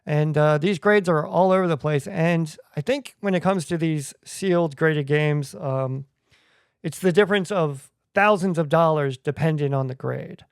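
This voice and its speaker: Smooth-voiced chatty podcast host man. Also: on the high side, unhurried, no echo, studio quality. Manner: chatty, jokey asides. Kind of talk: casual podcast talk.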